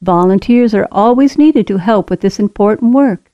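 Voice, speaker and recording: A woman reading scripted narration for a wildlife auto tour in a steady, informative way. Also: medium pitch, moderate pace, no room sound. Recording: slightly dull lo-fi recording.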